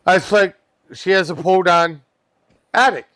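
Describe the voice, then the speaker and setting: On a comedy podcast, a male pest control worker appears as a guest and tells a wild story from his job, laughing and cursing freely throughout. His voice is high and slightly bright, his delivery unhurried and animated, and the recording has no echo.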